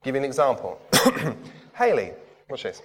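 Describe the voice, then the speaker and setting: A man's voice: medium pitch, big pitch swings, moderate pace, big-room sound, background noise. A man preaching a sermon in a casual, conversational way, often putting questions to his listeners. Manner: conversational, asks the crowd questions.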